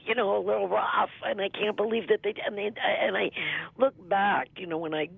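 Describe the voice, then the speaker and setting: A woman's voice: medium pitch, a little fast, gravelly, husky, no room sound. A middle-aged woman, a former music TV veejay, telling stories in a rambling, laughing way as a guest in a casual interview. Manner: rambling, laughs often, many "you know" fillers. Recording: tinny dry phone line.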